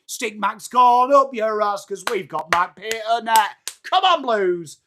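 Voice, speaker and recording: A man with an English accent doing live, excitable football commentary for a watchalong, joking and swearing and shouting at big moments. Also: high voice, measured pace, hardly any pauses, noisy background.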